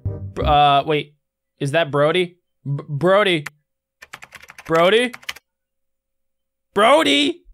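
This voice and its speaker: A man hosting a video reaction, talking in an excited, animated way, laughing often and yelling at the characters on screen. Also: a little high, takes it slowly, long pauses. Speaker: reaction channel host. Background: background music.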